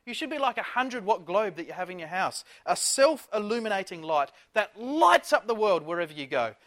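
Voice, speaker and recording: A man preaching a sermon, passionate, firing rhetorical questions and swinging between loud and soft. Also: high-pitched, sing-song, fairly quick. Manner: impassioned, rhetorical questions, big swings in loudness.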